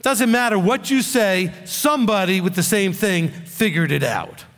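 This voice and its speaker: A male rabbi gives a blunt, scolding sermon and keeps firing off rhetorical questions. His voice sits high. Each phrase rings out with a long hall reverb. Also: lively intonation, a little slow, a bit bright.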